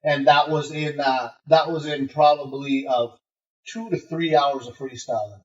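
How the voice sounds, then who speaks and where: A man's voice: a little high, a little slow. A man telling brash, swear-filled stories as a guest in a casual interview, acting out the voices of people he met. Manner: swears a lot, animated and brash, acts out voices in his stories. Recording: muffled remote call, roomy and distant.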